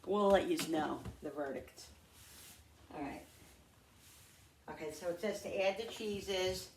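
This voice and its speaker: A woman's voice: on the low side, takes it slowly. A middle-aged woman chatting casually to her viewers while cooking at home, thinking aloud and calling them guys. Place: home kitchen. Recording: echoey, distant, noisy kitchen.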